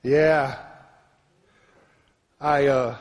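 A man preaching a sermon as pastor, trading calls with the congregation and swinging between quiet storytelling and shouted peaks. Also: steady tone, drawn-out words. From Philadelphia. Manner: preaching with call-and-response, rising to shouts; drops to a low, quiet storytelling voice. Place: church sanctuary. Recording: long hall reverb in a church.

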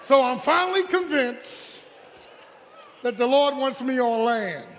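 A man preaching a humorous, animated storytelling sermon at a live service, calling out to the congregation. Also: very high voice, unhurried, long reverb tail, slight background noise. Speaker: pastor. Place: church sanctuary, live service.

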